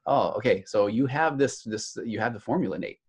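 A man's voice: medium pitch, a little fast, breathy edge. A man hosting a podcast interview, affirming and chatty with his guest. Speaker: podcast host. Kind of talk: casual interview chat.

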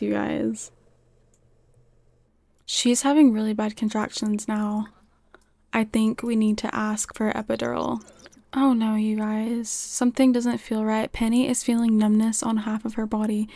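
Excitable woman streamer, gravelly and bright. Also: a little high, a little slow, dry recording. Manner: chatty, excitable, gasps and laughs often. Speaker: game streamer. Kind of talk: casual gameplay commentary.

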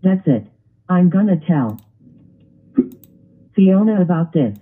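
A grumpy, complaining male ogre in a homemade cartoon, voiced by a computer. The reading is flat and synthetic with a husky edge. The audio is narrow and tinny like a phone line. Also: medium pitch, slow pace, exaggerated voice. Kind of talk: text-to-speech grounded video.

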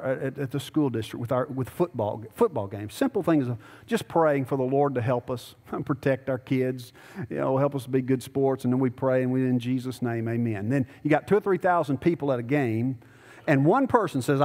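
A man's voice: mid-range voice, darkish tone. A man preaching a sermon as pastor, conversational and then rising to emphatic pleading. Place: church sanctuary. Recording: long church reverb.

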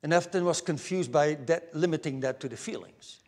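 A man preaching a sermon as pastor, earnest, moving between raised emphasis and hushed near-whispers. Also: on the high side, moderate pace. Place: church pulpit.

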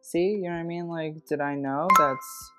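A YouTuber giving a sarcastic, snarky fashion critique in a scripted vlog, with wry deadpan asides. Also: medium pitch, moderate pace, over loud music.

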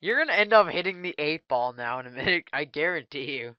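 A man giving casual gameplay commentary, joking crudely and trash-talking with sudden excited outbursts. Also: on the high side, fairly quick, clear, resonant tone, no echo, highs cut off. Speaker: gaming channel host.

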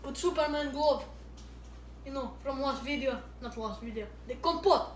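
High-voiced woman in a put-on Russian accent. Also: normal speed. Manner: playful, broken English, jokey. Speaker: vlogger. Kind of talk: casual cooking review vlog. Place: home kitchen. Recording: echoey kitchen, far from mic, noisy.

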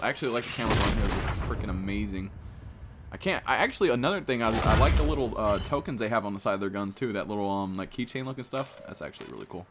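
A young man giving casual commentary as he opens in-game supply drops, excitable and full of slang. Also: fairly low pitch, very noisy. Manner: excitable, slangy, thinks aloud. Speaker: gaming streamer.

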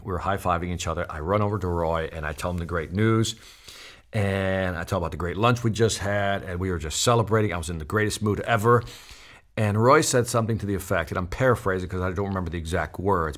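Middle-aged guy telling a sales story, lots of energy, acts out the quotes, lowish voice. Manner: animated storyteller acting out quotes. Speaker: sales speaker. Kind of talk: storytelling talk.

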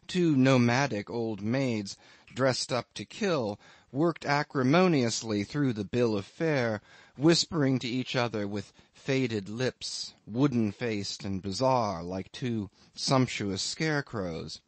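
A man reading a classic novel aloud as an audiobook narrator, in a measured, unhurried literary manner. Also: medium pitch, animated, no echo. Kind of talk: scripted narration.

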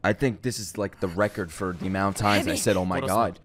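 Excitable man reacting to anime. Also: sits low, fairly quick. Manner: excitable, swings between loud outbursts and hushed murmurs. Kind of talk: casual reaction commentary. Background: faint anime soundtrack music.

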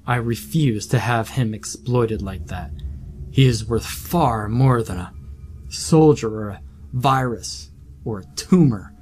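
A man's voice: mid-range voice, slow pace, darkish tone, slight background noise, close to an everyday voice. A man voicing a passionate, idealistic male scientist in an audiobook horror story, speaking earnestly. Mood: defiant. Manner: earnest and pleading.

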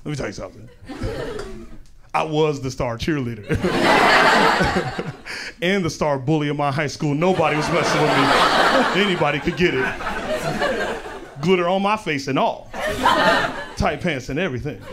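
A man's voice: on the high side, normal speed, long pauses, very noisy. A young man doing a stand-up comedy set, brash and slangy, with punchy delivery on a club stage. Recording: loud crowd laughter behind. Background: audience laughing.

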